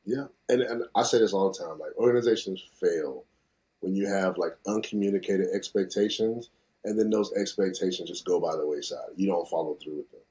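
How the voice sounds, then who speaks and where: A man's voice: low voice, a little fast, mellow. A man in his thirties hosting a casual podcast, reflecting earnestly in long connected thoughts.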